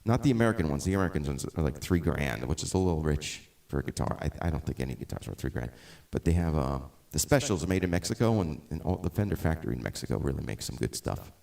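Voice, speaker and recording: A man's voice: extremely low pitch, lively intonation, fast, vocal fry, few pauses, darkish tone. A middle-aged man chatting casually as the host of a live music stream, rambling with many restarts and tangents.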